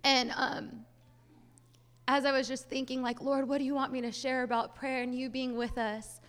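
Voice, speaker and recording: High-voiced young woman preaching in hall. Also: flat delivery, normal speed, fairly bright tone. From Hispanic family, US. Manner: casual storytelling, many "like" fillers. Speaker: church speaker. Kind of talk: sermon testimony. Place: church sanctuary. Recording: long hall reverb.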